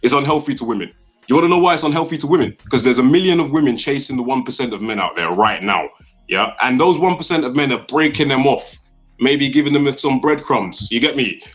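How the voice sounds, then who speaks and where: A construction worker appears as a guest in a heated debate, arguing sarcastically and adding "yeah?" to the end of his points. His medium-pitched voice is expressive, fast, and fairly bright, with faint music behind him and a slightly dull recording quality.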